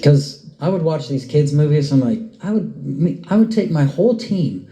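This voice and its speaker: A man preaching a sermon, telling stories with lively swings up in pitch when he gets excited. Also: moderate pace. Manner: animated storyteller, pitch jumps up when excited. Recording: roomy echo.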